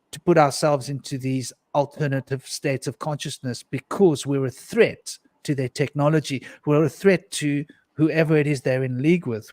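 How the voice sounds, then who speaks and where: A man's voice: mid-range voice, darkish tone, dry recording. A man on a discussion panel, earnestly recounting a personal mystical experience, with frequent restarts and repeated words. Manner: earnest, intense storytelling with frequent restarts and repetitions.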